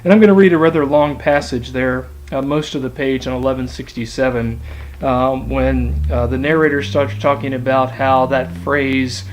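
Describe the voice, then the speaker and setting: A man's voice: medium pitch, moderate pace, slight background noise, rough recording. A man lecturing on a story as a literature teacher, talking in a hesitant way with many ums. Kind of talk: classroom lecture.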